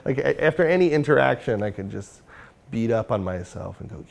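A man's voice: mid-range voice, lively intonation, a little fast, creaky. A man speaking as an interview guest, a filmmaker and comedian talking candidly and self-critically, thinking aloud.

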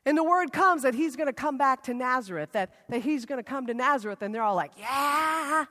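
A woman preacher tells a scripture story in a casual, animated sermon. Her voice sits high. A long reverb trails her words around the worship hall. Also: fast talker.

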